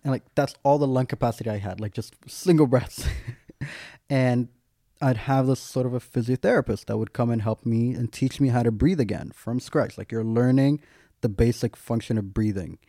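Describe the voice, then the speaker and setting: A man's voice: mid-range voice, moderate pace, mellow, no echo, clean studio sound. A man, a guest, telling a personal story in candid, casual talk, full of "like" and wry self-mocking humour.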